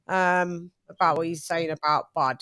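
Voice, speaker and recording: A woman's voice: on the low side, fairly even intonation, normal speed, fairly bright tone, dry recording. A British woman hosting a casual boxing chat who argues her point emphatically and swears freely. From Britain. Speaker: host.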